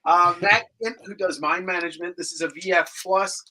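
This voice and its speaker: Bright-voiced man hosting a comic sale. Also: sits high, steady tone, moderate pace, a little hiss or hum, low-quality recording. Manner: joking, rattles off comic listings. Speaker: comic book claim sale host. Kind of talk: casual live-stream banter and sales.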